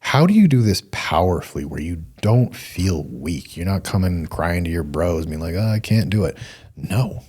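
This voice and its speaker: A man's voice: low-pitched, expressive, moderate pace, hardly any pauses, darkish tone, husky. A middle-aged man hosting a solo talk show, speaking earnestly in a coaching way and repeating points for emphasis. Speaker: podcast host.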